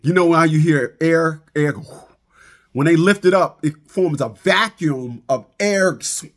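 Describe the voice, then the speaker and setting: A man ranting comically to his viewers, animated, stammering and laughing at his own jokes. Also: on the high side, measured pace. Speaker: vlogger. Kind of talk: comic rant to camera.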